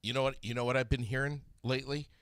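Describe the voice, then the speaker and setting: A man's voice: medium pitch, fairly even intonation, quick pace, fairly bright tone, no echo, studio quality. A man co-hosting a casual chat, teasing and joking in a mock-dramatic way. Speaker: podcast co-host.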